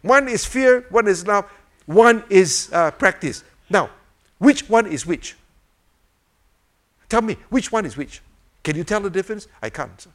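An older man giving an informal sermon, animated and full of rhetorical questions, chuckling as he demonstrates a fidget toy. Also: high voice, measured pace, pauses often. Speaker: preacher.

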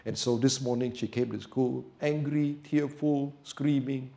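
A male preacher telling a story in a sermon, going from soft, quiet storytelling to loud, emphatic preaching. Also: mid-range voice, steady tone, a little slow, creaky.

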